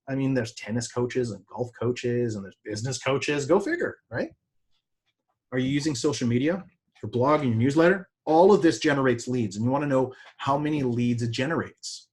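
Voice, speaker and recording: A business coach, male, gives a seminar talk full of energy and casual conversation, punctuated by sudden, excited pitch jumps.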